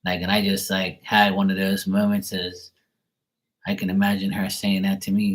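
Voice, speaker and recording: Deep voiced guy on a tarot livestream, blunt, cussing, ranting casually. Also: flat delivery, fairly quick, poor audio. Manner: blunt, profane, ranting with chuckles.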